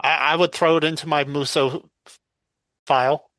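A man's voice: on the high side, steady tone, moderate pace, a bit bright, no echo. A man co-hosting a casual gaming news podcast, rambling and correcting himself as he talks. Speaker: podcast co-host.

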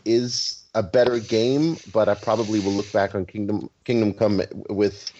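A man's voice: fairly low pitch, steady tone, normal speed, dark tone, a little hiss or hum. A man chatting on a podcast panel, hesitant with many ums and restarts, over an online call. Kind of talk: casual chat. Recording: muffled online call audio.

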